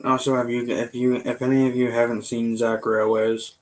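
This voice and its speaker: A man chatting casually, rambling with halting fillers and self-corrections. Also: medium pitch, flat delivery, low-quality recording. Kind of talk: casual chat.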